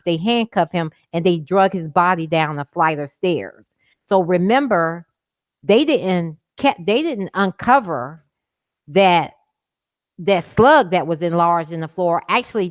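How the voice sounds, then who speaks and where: Impassioned middle-aged woman, low dry voice. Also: expressive, unhurried, dry recording. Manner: impassioned, insistent, repeating points for emphasis. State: emotional, near tears at times. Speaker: guest, mother of a man killed by police. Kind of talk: interview over a call.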